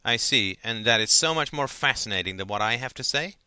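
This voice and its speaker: A man's voice: medium pitch, lively intonation, fairly quick, sharp tone, smooth, no room sound. A man voicing a stern, sarcastic female English teacher who barks at her pupil. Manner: sarcastic, barking.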